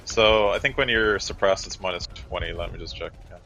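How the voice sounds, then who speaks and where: A man's voice: low-pitched, fairly quick, highs cut off. A man narrating as game master of a tabletop game, describing the action in loose, filler-heavy talk.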